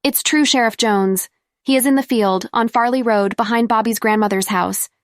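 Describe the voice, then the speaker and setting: A man doing an excited little girl. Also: moderate pace, no room sound. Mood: urgent. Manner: urgent, high-pitched. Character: excited young girl, breathless child.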